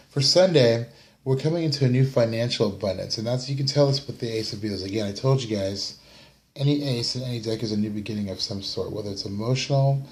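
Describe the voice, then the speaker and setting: A young man from the US, clearly tired, offers a casual weekly tarot reading via camera mic, with a little hiss or hum in the audio. His mid-range voice is a little mellow, and he rambles with fillers while yawning and apologizing for it.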